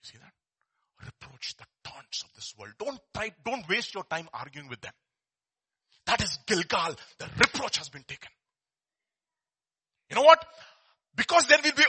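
A man preaches a sermon as a pastor, animated and shifting from soft asides to loud exhortation, repeating words and posing rhetorical questions. His voice is high-pitched with a breathy edge.

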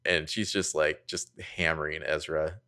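Deep-voiced, sardonic male podcast co-host. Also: steady tone, normal speed, pushed and bright. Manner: wry, sardonic, swears casually. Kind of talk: casual chat.

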